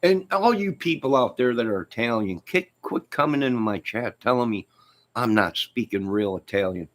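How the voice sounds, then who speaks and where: A man hosting his own channel, chatting in a rambling, jokey way with sudden loud outbursts. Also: mid-range voice, lively intonation, moderate pace. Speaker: channel host. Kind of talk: rambling joking livestream chat.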